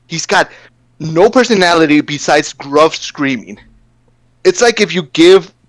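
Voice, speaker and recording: A man in a casual, profane rant, animated and stammering through his complaints. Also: on the high side, dry recording.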